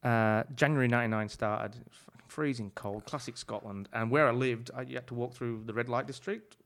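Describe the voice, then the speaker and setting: A man from England in his forties tells rambling kitchen stories in a casual chat. He talks loosely, swears freely and laughs often, with a voice of middling pitch. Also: steady tone, fairly quick, a bit bright. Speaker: chef guest.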